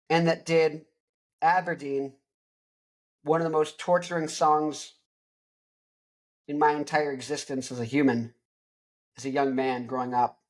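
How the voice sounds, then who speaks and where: A young man hosting a rock show, joking and rambling loudly, with crude asides. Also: fairly high pitch. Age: young adult. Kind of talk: rambling comedic music talk.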